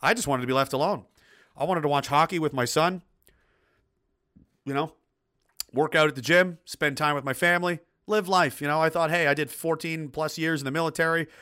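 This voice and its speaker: A man's voice: on the high side, steady tone, fairly quick, bright, forceful tone, smooth. A middle-aged man hosting a livestream who reads viewer chat aloud and rants bluntly and profanely, with lots of rambling restarts. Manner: blunt and profane, heated outbursts. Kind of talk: casual ranting commentary.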